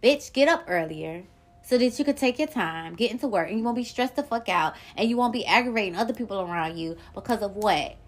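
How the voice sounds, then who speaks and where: A woman hosting her own podcast, talking in a blunt, profane and animated solo monologue about her life. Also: mid-range voice, a little fast. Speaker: podcast host.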